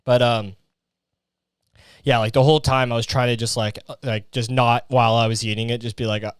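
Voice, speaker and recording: Profane ranting young man, clear dry voice. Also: medium pitch, flat delivery, fairly quick, dry recording. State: sweating in a heatwave. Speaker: comedy podcast host. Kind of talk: solo comedy rant. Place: his hot bedroom.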